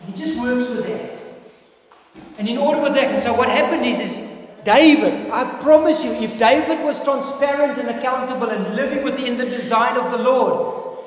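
A South African man preaching a sermon to a congregation, earnest and emphatic, with loud stresses and quiet asides. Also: very high voice, moderate pace. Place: church hall. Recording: echoey hall with long reverb.

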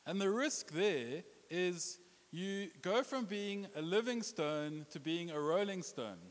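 A man preaches a sermon as pastor in a church hall with a congregation, playful and joking, slipping into put-on accents and voices for quotes. His high voice is expressive and slow, with long hall reverb on the recording.

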